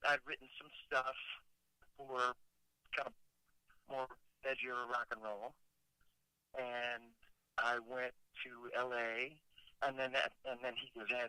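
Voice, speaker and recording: A man's voice: mid-range voice, clean tone, dry recording, low-quality recording. A man in his fifties, a rock singer calling in as a guest, casually telling a long story and acting out what other people said. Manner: animated storyteller who acts out quoted dialogue. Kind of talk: casual phone-in interview storytelling.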